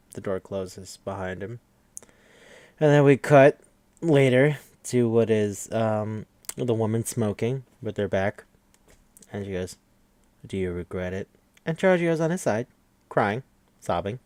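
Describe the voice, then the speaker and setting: A man hosting a podcast, recapping an anime episode in an animated, profane, incredulous chat. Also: on the low side, dry recording.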